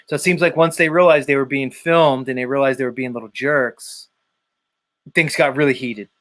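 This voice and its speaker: A man hosting a live stream, talking casually in an animated, rambling way with frequent swearing. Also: mid-range voice, moderate pace. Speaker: host.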